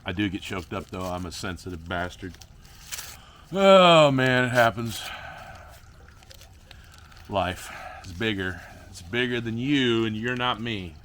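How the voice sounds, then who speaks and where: A man's voice: sits low, steady tone, moderate pace, hardly any pauses, a bit bright, a little hiss or hum. A young man rambling goofily to himself and his viewers while repotting plants in a casual vlog. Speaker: plant grower vlogger.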